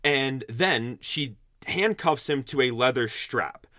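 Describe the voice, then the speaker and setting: A man's voice: medium pitch, animated, slow pace, bright, forceful tone, dry recording, clean studio sound. A man co-hosting a podcast, recapping a movie plot in a rambling, profane way with frequent laughs. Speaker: podcast co-host. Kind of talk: casual chat, recapping a movie.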